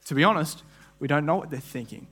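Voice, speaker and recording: An earnest man preaches a sermon as a guest speaker, with a voice pitched somewhat high for a man. He often repeats words as he restarts a phrase, and he slips into quick imagined voices to act out what people might have said. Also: lively intonation, a bit bright, slightly rough.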